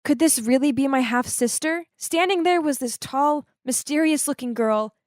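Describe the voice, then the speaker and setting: Woman telling an animated story, dramatic, a bit high voice, really dry sound. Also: normal speed, no echo. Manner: emotive and dramatic, swings to high exclaims. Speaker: storytime narrator. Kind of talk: scripted animated storytime narration.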